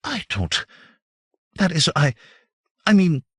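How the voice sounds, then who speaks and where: A man's voice: mid-range voice, very animated, slow pace, vocal fry, fairly bright tone, husky, no echo, clean studio sound, full character voice. A man voicing a shy, flustered young woman in a fantasy audiobook, stammering and breathless.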